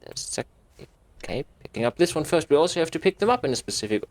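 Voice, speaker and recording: A man's voice: a little high, big pitch swings, fast, no room sound. Man muttering through a horror game. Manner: muttering asides and sudden swearing. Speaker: gaming YouTuber. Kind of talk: horror game let's play commentary.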